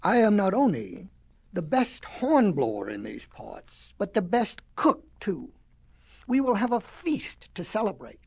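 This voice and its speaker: A woman's voice: mid-range voice, wildly swooping pitch, creaky, darkish tone, husky, full character voice. A woman voicing a boastful, greedy male wolf in a storybook reading, growling and pompous. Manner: growling, pompous, drawn-out delivery.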